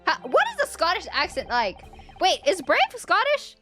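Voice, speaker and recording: A woman's voice: very high-pitched, wildly swooping pitch, normal speed, pushed and bright, soft background music. A woman streamer giving casual game commentary, chatty and jumpy with frequent exclamations.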